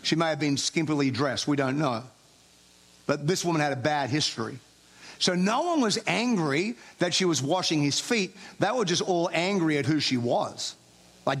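High-voiced man preaching conversationally. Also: animated, normal speed, breathy edge. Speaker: pastor. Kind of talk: sermon.

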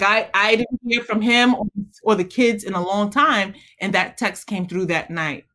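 A woman guest in an interview, speaking earnestly and encouragingly about being a mother, growing animated as she tells stories. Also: medium pitch. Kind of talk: conversational interview.

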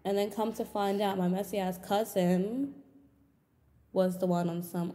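A young woman hosting a podcast, telling a personal story in casual chat, swearing and getting animated when exasperated. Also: normal speed, long reverb tail. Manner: animated, swears often, frequent pitch jumps when exasperated. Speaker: podcast host.

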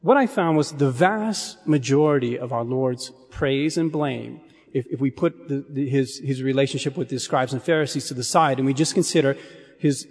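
A man preaching a sermon in an earnest, measured way, dropping his voice to a hush on key phrases. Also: mid-range voice. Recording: long hall reverb.

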